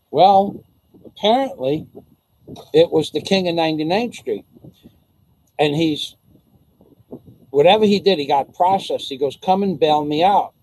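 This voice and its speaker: A man's voice: fairly high pitch, lively intonation, unhurried, long pauses, darkish tone, low-quality recording. A man telling a rambling personal story in casual vlog style, swearing, restarting sentences and acting out the dialogue. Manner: rambling, profane, stumbling restarts, acts out dialogue. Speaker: vlogger.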